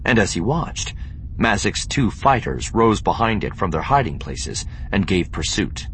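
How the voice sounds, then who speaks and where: A man narrating an audiobook with a measured, expressive reading. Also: fairly low pitch, a little hiss or hum. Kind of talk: scripted narration.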